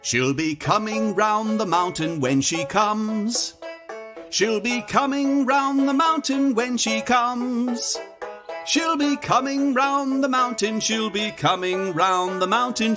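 A woman voicing a cheerful male frog who leads young children in a sing-along, slow and teacherly. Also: medium pitch, lightly acted. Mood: cheery. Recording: with backing banjo music.

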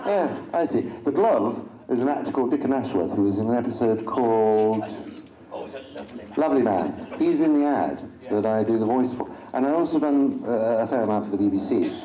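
Middle-aged guy cracking dry jokes on a panel, lively sing-song delivery, roomy hall with crowd chatter. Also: medium pitch. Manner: wry, dry self-mocking humor. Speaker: convention panel guest. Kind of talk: joking panel talk. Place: convention hall with audience. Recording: echoey hall with crowd noise.

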